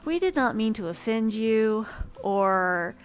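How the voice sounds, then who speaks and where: A woman voicing a protective father who speaks formally and calmly. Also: on the high side, takes it slowly, muffled recording. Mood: placating.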